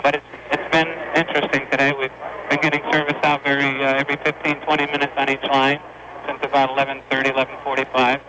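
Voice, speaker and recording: A transit official speaking in a hurried manner in a busy train terminal. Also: male voice, medium pitch, completely flat delivery, noisy background.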